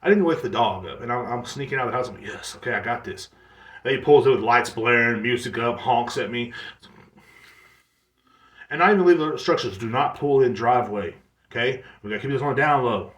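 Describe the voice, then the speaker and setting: Fast-ranting profane podcast host man. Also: medium pitch, lively intonation, reverberant. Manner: profane, exasperated, mimics others in quick asides. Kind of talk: solo comedic rant.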